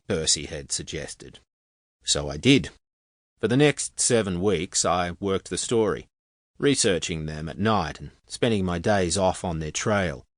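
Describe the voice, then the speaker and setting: A man's voice: low-pitched, animated, a little slow, dry recording. A man narrating a novel in the first person, with a wry, conversational storytelling manner, close on the mic. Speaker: audiobook narrator.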